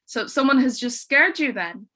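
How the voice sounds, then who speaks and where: A woman storyteller voicing a calm male noodle seller who asks short, quiet questions. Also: very high-pitched, moderate pace, exaggerated voice.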